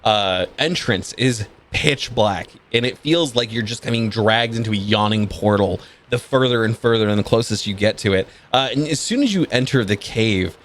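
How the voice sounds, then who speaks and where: A man with a slightly low voice runs a tabletop game as game master. He describes each scene in a relaxed, unhurried way, pausing often with ums and uhs as he builds the picture for his players. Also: a little hiss or hum.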